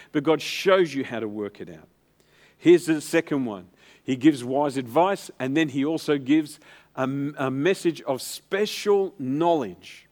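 A pastor preaching a sermon, telling stories and calling out for the congregation to answer back. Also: male voice, a little high, darkish tone. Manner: storytelling preacher, calls for congregation responses.

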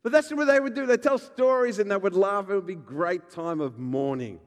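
A man, a pastor preaching a sermon with animated, joking storytelling and acted-out voices. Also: sits high, a little fast, long reverb tail.

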